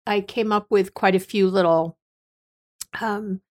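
A woman in her fifties, a psychologist hosting her own podcast, talking in a chatty, bubbly way with easy laughs and a slightly hoarse voice. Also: medium pitch, steady tone, a little slow. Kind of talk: casual podcast chat. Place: her office.

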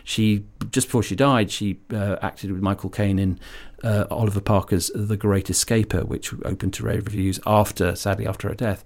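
A man's voice: fairly low pitch, fairly even intonation, moderate pace, few pauses, darkish tone. A man co-hosting a podcast, giving thoughtful, enthusiastic commentary in casual chat. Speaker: podcast co-host.

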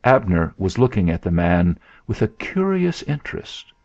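Man, story narration, measured, gravelly, low-pitched. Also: very animated, darkish tone. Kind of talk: scripted narration. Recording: dull lo-fi sound.

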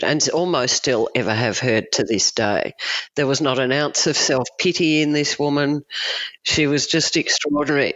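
A woman's voice: a bass voice, fairly bright tone, no room sound, lo-fi sound. A middle-aged Australian woman, a family lawyer, chatting candidly as an interview guest and saying "you know" a lot. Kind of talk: casual chat.

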